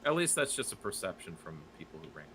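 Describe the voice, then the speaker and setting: A man's voice: sits low, sing-song, quick pace, noisy background. A man talking casually on a podcast, hesitant, with many fillers and restarts. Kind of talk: casual political podcast chat.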